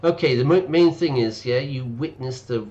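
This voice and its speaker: A man's voice: medium pitch, moderate pace, mellow, dull audio. A man, an English teacher, chatting casually and explaining words while streaming a game. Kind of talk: casual let's-play commentary.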